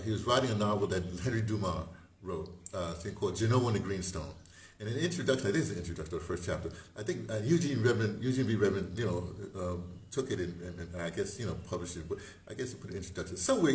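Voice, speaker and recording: A man talking casually to camera, rambling and chuckling at his own jokes. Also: lowish voice. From United States. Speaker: vlogger. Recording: roomy echo with faint noise.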